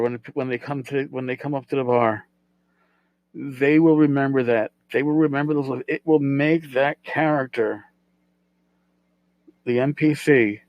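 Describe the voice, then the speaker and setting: A middle-aged man with a mid-range voice hosts a casual solo podcast, heard through dull audio. He rambles, pokes fun at himself, and repeats his words as he goes.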